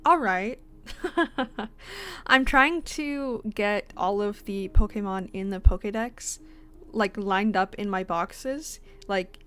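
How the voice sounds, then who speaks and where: A woman's voice: mid-range voice, a bit bright. A sleepy woman streamer chatting casually with her viewers, rambling and giggling between fillers.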